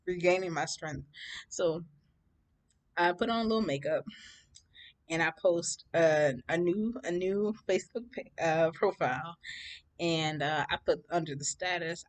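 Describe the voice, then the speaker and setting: A woman telling a personal story in a casual vlog, sassy and laughing often. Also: sits low.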